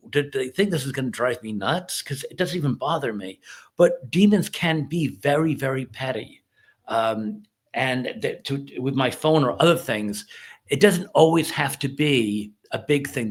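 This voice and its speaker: A middle-aged man who is a reverend, talking through a movie review in a casual video, with an earnest, rambling and halting delivery. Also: medium pitch.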